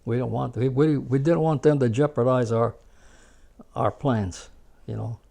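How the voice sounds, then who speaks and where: An older American man, a war veteran, telling rambling, animated stories in a casual interview and laughing at his own tales. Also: medium pitch, measured pace, gravelly. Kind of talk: casual spoken storytelling.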